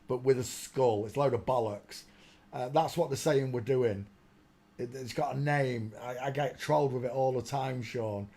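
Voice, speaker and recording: A man's voice: mid-range voice, normal speed, warm tone. Chatty man muttering through a stream. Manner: chatty, exclaiming, muttering to himself while searching. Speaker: live-stream host. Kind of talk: casual live-stream commentary.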